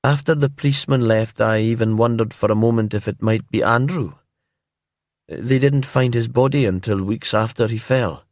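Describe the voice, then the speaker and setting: A man voicing a brooding older woman from a remote island in a calm storybook crime tale, speaking softly and hesitantly in a lifted voice. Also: mid-range voice, normal speed, no room sound, studio quality, natural voice. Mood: wistful.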